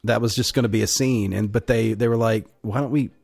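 A man's voice: on the low side, steady tone, a little fast, gravelly, a little mellow, husky, no echo, soft background music. A man co-hosting a casual movie podcast, rambling loosely and quoting scenes. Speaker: podcast co-host.

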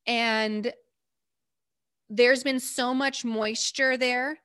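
A woman's voice: a little high, fairly even intonation, extremely slow, fairly bright tone, smooth, dry recording, studio quality. A woman, a medical provider, candidly recounting her field work in an interview, in short emphatic bursts. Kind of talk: interview storytelling.

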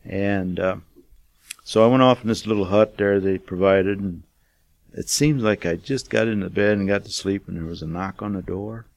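A man's voice: fairly low pitch, moderate pace, vocal fry, dry recording. An older man, a missionary, telling a testimony in a folksy, rambling way with many fillers. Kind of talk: casual storytelling testimony.

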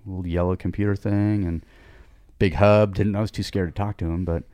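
A man's voice: low-pitched, little pitch movement, moderate pace, long pauses, a little mellow, clean tone, dry recording, studio quality. A middle-aged man telling a long casual story on a podcast, rambling with many restarts and asides. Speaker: podcast guest.

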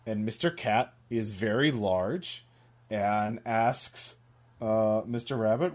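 A man narrating as game master, rambling with many fillers and pauses. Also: fairly low pitch, darkish tone.

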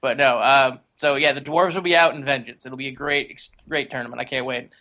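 A man's voice: medium pitch, fairly even intonation, brisk, pushed and bright, poor audio. A man as a podcast guest, chatting casually and enthusiastically with jokes.

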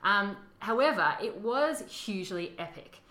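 Bright-voiced woman chatting in a roomy space. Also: medium pitch, lively intonation, unhurried. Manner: chatty, explains with fillers and laughs. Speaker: podcast co-host. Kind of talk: casual conversational history chat. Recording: roomy echo.

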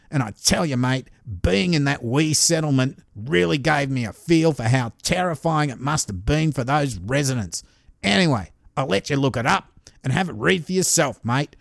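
A man's voice: a little high, vocal fry, dry recording, studio quality. A man hosting a true crime podcast, reading out a listener's story in a casual, profane way and chuckling along as he goes.

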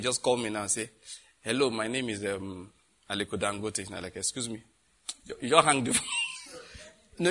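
A middle-aged Nigerian man preaching, telling a lively story and acting out the voices of the people in it, laughing often. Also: medium pitch, slight background noise. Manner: animated, acts out voices in anecdotes, laughs often. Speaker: pastor. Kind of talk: storytelling sermon.

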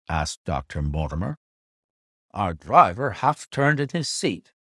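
A man reading a classic novel aloud as an audiobook narrator, in measured, expressive storytelling. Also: low-pitched, no echo, clean studio sound. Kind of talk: scripted narration.

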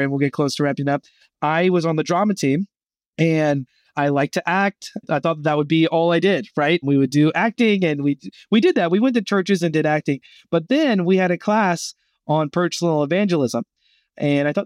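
A man's voice: on the high side, fast talker, darkish tone, no room sound. A man as a podcast guest, animatedly telling a personal story and acting out the voices he quotes. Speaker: gap year program guest.

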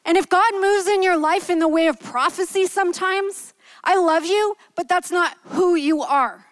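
Female preacher, high voice, dry close sound; candid and gentle, storytelling sermon. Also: moderate pace, no room sound, low-quality recording. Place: church.

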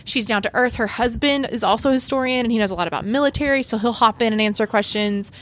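A woman in a casual podcast chat, talking earnestly and warmly about something she recommends. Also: on the high side, fast talker, a little hiss or hum.

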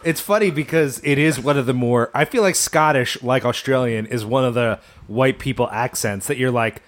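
A man's voice: medium pitch, normal speed. A man chatting casually on a podcast, wry and teasing. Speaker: podcast panelist. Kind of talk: casual chat about horror films.

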